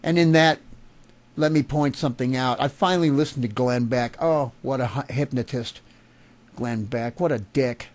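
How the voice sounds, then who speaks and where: A man's voice: medium pitch, normal speed, a little mellow. A man delivering an angry, profane political rant to camera, agitated and furious. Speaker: vlogger.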